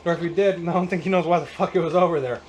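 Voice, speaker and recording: A man's voice: high voice, rapid-fire, a little mellow, a little hiss or hum. A man in his thirties restringing a guitar in a casual how-to vlog, ranting with sarcastic, exasperated swearing. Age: 30s. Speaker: YouTube host.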